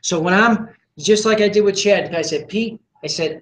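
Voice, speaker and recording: A man lays out sales advice to a group with firm confidence, acting out his own lines to prospects. His voice sits a touch high. The recording rings in an echoey room with a faint hiss behind it. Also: moderate pace, hardly any pauses. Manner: confident, assertive, acts out dialogue. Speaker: sales trainer. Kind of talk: live training talk to a small group.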